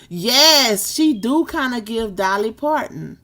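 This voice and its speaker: A woman's voice: medium pitch, animated, unhurried. Live stream host, woman, thirties, casual and talkative. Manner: chatty, laughs often, Southern US slang.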